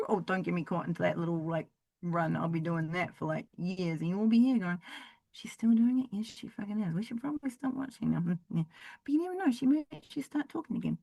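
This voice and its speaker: A woman hosting a solo wrestling review podcast, excitable and profane, swinging from loud bursts to low mutters, her voice going hoarse. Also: no room sound. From Southern Hemisphere. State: losing her voice. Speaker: podcast host.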